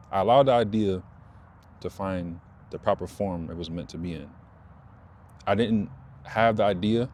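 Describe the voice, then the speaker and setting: Dude w/ just rambling outside, kinda low voice, lil bit of background hiss. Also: male voice. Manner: rambling, loose, repeats himself, animated when excited. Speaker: vlogger. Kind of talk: casual talk to camera. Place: outdoors.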